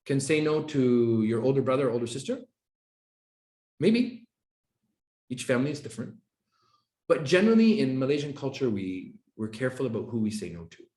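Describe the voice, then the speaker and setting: A man from Canada giving a conference talk on culture, lively and interactive, often asking the audience questions. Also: medium pitch, brisk, pauses often, reverberant. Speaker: speaker on intercultural competence.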